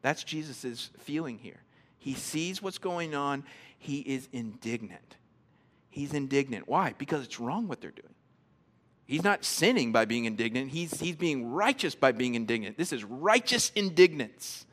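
A man preaching a sermon in a conversational, animated way, often repeating words as he starts a thought and acting out people's reactions. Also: a little slow. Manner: animated, acts out quoted reactions in a higher voice. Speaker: pastor.

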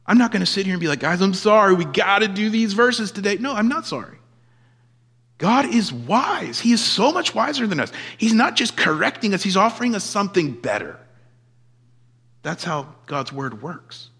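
A man's voice: high-pitched, sing-song, normal speed, vocal fry, slightly rough. Emphatic preacher man in a reverberant hall. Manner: emphatic, swinging from loud declarations to quiet asides. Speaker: pastor. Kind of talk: sermon.

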